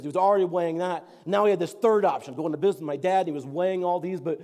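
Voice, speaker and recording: A man's voice: high voice, very fast, hardly any pauses, darkish tone. A man, preaching a sermon as a pastor and telling a story in an earnest, rambling way with many fillers. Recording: long hall reverb.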